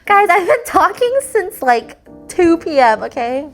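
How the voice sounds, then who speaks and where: A woman's voice: very high voice, very animated, a little slow. A young woman streamer chatting casually with her viewers, full of "like" fillers and the odd swear, and she sounds tired. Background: faint music.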